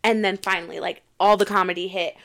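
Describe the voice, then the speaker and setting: A young woman in her twenties, a podcast guest, chatting casually and telling stories with lively quoted voices. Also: fairly low pitch, quick pace, creaky. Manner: animated storytelling with acted quotes.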